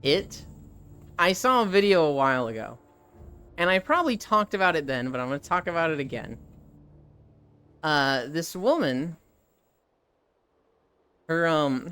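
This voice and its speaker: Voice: medium pitch, fairly bright tone, clean tone. A live streamer in casual chat who rambles, swears freely, laughs often and answers chat as they go.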